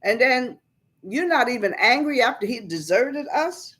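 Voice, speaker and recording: A woman's voice: a little high, animated, a little slow, fairly bright tone, voice pushed up. A resentful young elder son from a retold Bible story, as a woman preacher reads him, aggrieved and complaining. His voice rises above everyday speech. He sounds wounded and indignant.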